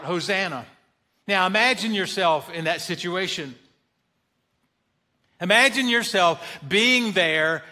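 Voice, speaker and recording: A man's voice: high-pitched, bright, forceful tone. A man preaching a sermon as pastor, emphatic, rising on questions and quoted cries.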